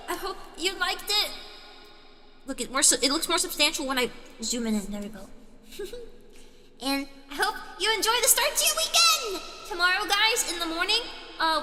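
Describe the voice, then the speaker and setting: A woman's voice: sits high, pushed and bright, long reverb tail, slight background noise. A woman hosting a livestream in casual chat, rambling and giggling often between thoughts. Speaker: streamer host.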